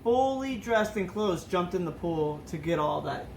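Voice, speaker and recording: A man's voice: high voice, lively intonation, a little slow, gravelly, reverberant, background noise. A man co-hosting a podcast, telling a crude drunk story in a loose, laid-back way with lots of swearing. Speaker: podcast co-host. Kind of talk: casual chat.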